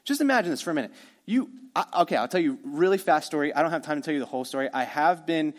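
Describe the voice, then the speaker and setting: A man preaching a sermon as pastor, energetic and conversational, with quick asides to the congregation. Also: fairly high pitch.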